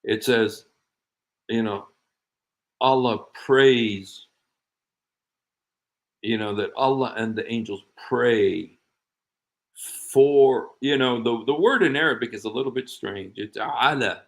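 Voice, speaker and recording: Gravelly-voiced man chatting casually. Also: mid-range voice, slow pace, pauses often, rough recording. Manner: rambling, laughs often, animated asides. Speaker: show host. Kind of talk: casual livestream chat.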